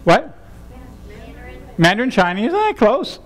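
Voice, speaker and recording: A man's voice: very high voice, sing-song, takes it slowly. A man leading a humorous seminar workshop, playful and laughing as he coaxes the audience through exercises. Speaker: seminar leader.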